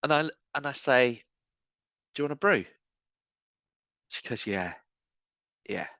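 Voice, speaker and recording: A man's voice: mid-range voice, a little slow, dry recording. Guy telling a story, acts out the voices, mid voice, pretty dry sound. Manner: animated, acts out quoted voices, earnest. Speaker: guest, street evangelist. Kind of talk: storytelling conversation.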